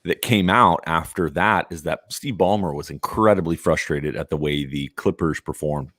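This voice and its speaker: Very deep-voiced male podcast host. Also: moderate pace, fairly bright tone, no room sound, studio quality. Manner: joking, then rambling analysis. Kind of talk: casual chat.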